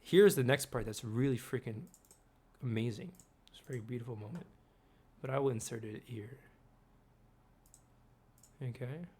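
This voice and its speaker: A man's voice: medium pitch, normal speed, long pauses, dark tone, slightly rough. A man hosting his own video, rambling casually while he works at his desk, often asking the viewer questions and swearing now and then. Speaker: video host.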